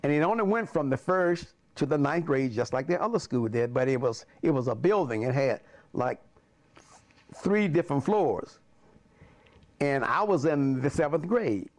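An older man from Alabama, a pastor telling stories from his childhood in an animated way, often chuckling. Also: fairly high pitch, normal speed. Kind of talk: personal storytelling.

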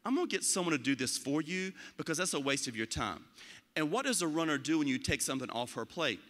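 Guy giving a pep talk, bright voice, kinda high, big echo in the hall. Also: quick pace. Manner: animated storyteller, acting out quoted voices. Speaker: school leader giving a talk. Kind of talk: motivational speech.

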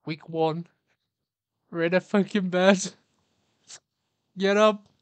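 A woman's voice: on the low side, steady tone, slow pace, clean tone, dry recording. Joking, swearing woman streamer. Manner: joking, profane and playful. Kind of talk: casual gameplay commentary.

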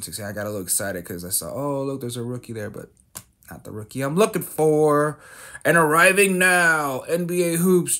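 Slow-talking man opening trading cards. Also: medium pitch, fairly bright tone. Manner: reads card names aloud, jokey and self-mocking, with fillers and restarts. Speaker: card-collecting channel host. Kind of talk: casual card-opening commentary.

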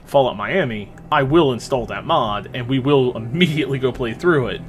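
A young man casually commenting on his gameplay, chatty and excitable, swearing freely as he plays. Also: mid-range voice, moderate pace, background noise. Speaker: let's play host.

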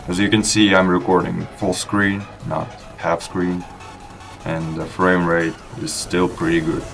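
A young man whose first language is Russian, giving a relaxed, rambling voice-over review of his gaming PC over gameplay, with casual restarts. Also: low-pitched, unhurried, vocal fry, faint music behind. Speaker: PC gaming channel host.

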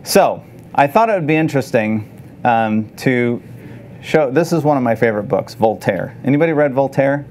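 A man teaching photography to a live audience, conversational and animated, often asking the room questions. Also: medium pitch, moderate pace, slight background noise. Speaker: photography instructor. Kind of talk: live workshop lecture.

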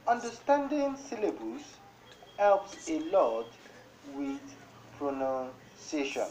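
A woman teacher with a Nigerian accent giving a broadcast classroom lesson, slowly dictating example words one at a time. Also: deep voice, big pitch swings, darkish tone. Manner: slow, deliberate word-by-word dictation. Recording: dull lo-fi broadcast audio with faint noise.

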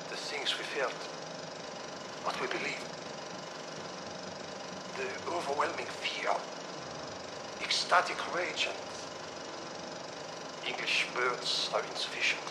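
Guy doing a grave old scientist, slow and measured, echoey noisy old tape. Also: mid-range voice, natural voice. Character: aged German-accented male scientist, cold and grave. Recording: noisy, roomy archival tape recording.

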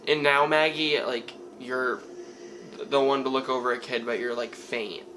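A man hosting a reaction video, talking back to the screen in excitable, casual commentary. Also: mid-range voice, normal speed, background noise.

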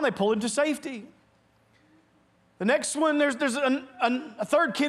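A man's voice: very high-pitched, expressive, normal speed, pauses often, a bit bright. A man preaching a sermon as pastor in a church, earnest and emphatic, often restarting words as he presses his point. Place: church sanctuary.

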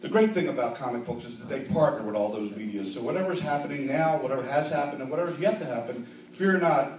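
A man's voice: mid-range voice, expressive, fast, slight background noise. An older man giving a grateful, earnest award acceptance speech at a convention banquet, building to emphatic peaks. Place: large convention banquet hall. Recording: roomy hall echo, distant mic, audible ambience.

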